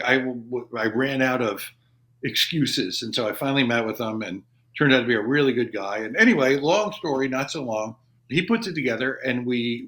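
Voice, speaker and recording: A man's voice: medium pitch, fairly bright tone. A man in his fifties, an army veteran guesting on a podcast in a studio, telling long casual stories and acting out what people said to him. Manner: rambling anecdotes, acting out quoted dialogue. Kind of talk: casual storytelling.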